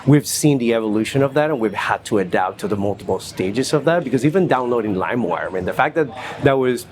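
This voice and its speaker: A man in his forties from Venezuela, a company CFO telling relaxed stories with many fillers in an interview at a stock exchange. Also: medium pitch, quick pace, slight background noise. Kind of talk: casual interview. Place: New York Stock Exchange floor.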